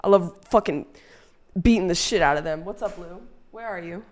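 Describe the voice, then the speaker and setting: A woman's voice: on the low side, normal speed. A young adult woman streaming live, chatting casually with viewers in a rambling, crude and playful way as she reads chat aloud.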